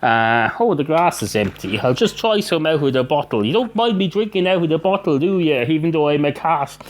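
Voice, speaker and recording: Brief: man playing a cat at the bar, high and indignant, sarcastic, comic storytelling. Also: animated, fairly quick, slight background noise, natural voice. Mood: cheeky. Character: sarcastic male cat at a pub, stubborn.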